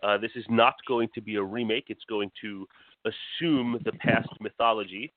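A man giving a casual horror news rundown on a podcast, pausing often with "uh". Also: on the low side, fairly even intonation, no room sound. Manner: hesitant, many "uh" pauses. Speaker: podcast co-host reading news. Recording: dry phone-like line.

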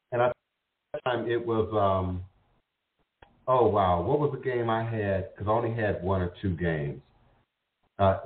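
A man hosting a casual spiritual talk show, rambling and repeating words as he searches for them. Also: lowish voice. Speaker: host. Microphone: internet radio call. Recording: tinny phone-like audio in an echoey room.

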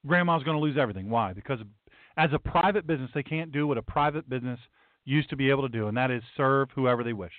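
A middle-aged pastor hosting a talk show delivers an opinionated monologue in a mid-range voice at a quick pace, speaking emphatically and repeating lines for punch. The recording is dry and tinny, like a phone.

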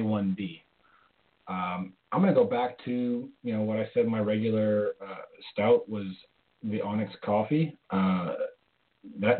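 A man hosting a casual beer chat, easygoing and hesitant, with lots of fillers. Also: fairly low pitch. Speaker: podcast host. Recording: lo-fi phone-like sound.

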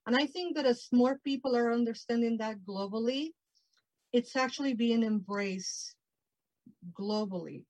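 A woman speaks passionately and expressively to an online audience, her voice pitched a touch high. The sound is dry and close, like a video call with no room echo. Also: a little slow. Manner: passionate, expressive, grows emotional. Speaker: presenter. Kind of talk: heartfelt virtual presentation.

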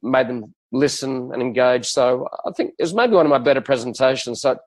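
Man, 50s, Adelaide Australian accent, podcast guest, relaxed, joking, mid-range pitch. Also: fairly quick, poor audio. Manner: relaxed, easygoing, joking with laughs. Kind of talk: live podcast interview.

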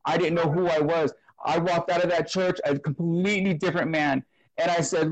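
A man with a fairly high voice shares an emotional personal testimony in an interview. He talks earnestly, stumbling, repeating words and restarting his sentences. The sound is close and dry with no room echo. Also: steady tone, moderate pace, dull audio. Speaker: interview guest sharing testimony.

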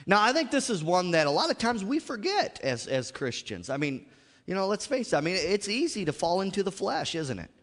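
Brief: male preacher, fairly high and very lively pitch, call-and-response sermon, long church reverb. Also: brisk. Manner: call-and-response, frequent "Amen?" and "How many of you know". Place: church sanctuary.

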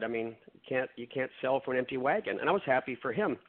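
A man's voice: mid-range voice, a little fast. A man guest on a radio show, telling a long story and acting out the dialogue, with frequent restarts. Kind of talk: storytelling in conversation. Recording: phone-like narrow sound.

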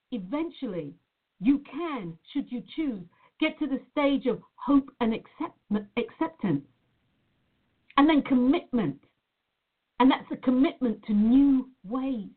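A woman talking earnestly in a motivational style as a life coach, repeating words for emphasis. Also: fairly high pitch. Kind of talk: motivational talk to camera. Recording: tinny phone-like sound.

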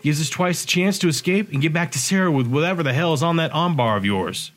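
A man voicing a sharp-tongued young woman bartender and hacker, talking bluntly and casually in an audiobook. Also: a little high, lively intonation, quick pace, voice pushed up, natural voice. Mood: urging.

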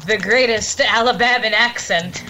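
A woman's voice: on the high side, normal speed, faint music behind, poor audio. A woman chatting as a guest on a podcast, enthusiastic and giggly, acting out quotes as she goes. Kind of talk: casual podcast chat.

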